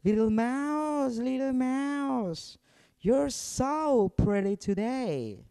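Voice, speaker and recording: A man voicing a sly male cat who sweet-talks in a slow, sugary, coaxing way. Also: very high-pitched, expressive, creaky, warm tone, clean tone, no echo, pitched above the performer's own voice, heavily acted. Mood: sweet-talking.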